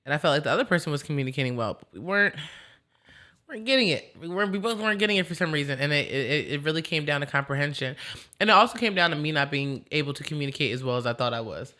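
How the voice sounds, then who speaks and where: Woman hosting a podcast, chatty and rambling, laughs a lot, bright forceful voice. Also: low voice. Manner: animated and rambling, quick to laugh. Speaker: podcast host. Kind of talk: casual chat.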